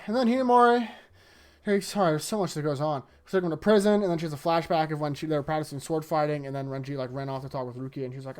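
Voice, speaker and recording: A man's voice: on the high side, racing. A man casually recapping anime episodes in a rambling, jokey way, jumping into voices. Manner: animated, jokey, with voiced impressions. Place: indoors in front of a green screen.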